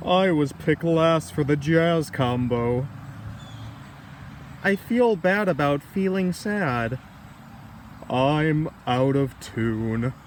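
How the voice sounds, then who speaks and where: A man's voice: fairly high pitch, expressive, very slow, pauses often. A man doing a mopey little clam. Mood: sad. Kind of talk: children's picture book read aloud. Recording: distant outdoor recording with traffic.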